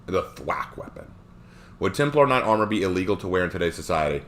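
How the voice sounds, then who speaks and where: Animated low-voiced male streamer. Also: brisk. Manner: animated, rambling, with frequent fillers. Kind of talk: live-stream reaction, reading chat.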